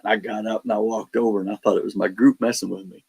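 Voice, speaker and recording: A man telling his paranormal investigation stories in casual chat, animated and acting out the quotes. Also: lowish voice, quick pace, vocal fry, breathy edge, rough recording. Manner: animated storyteller, acts out quotes, laughs between lines. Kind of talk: casual storytelling on a podcast.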